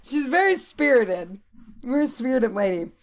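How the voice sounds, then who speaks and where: Podcast co-host, woman, high voice, animated storyteller, swears casually. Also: normal speed, gravelly. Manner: animated, swears freely, laughs often.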